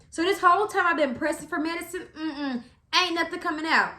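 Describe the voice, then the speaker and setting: Chatty, bright-voiced young woman telling a story. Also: high voice, fast, roomy sound. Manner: animated, chatty, slangy, with acted-out quotes. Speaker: vlogger. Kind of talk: casual storytelling to camera.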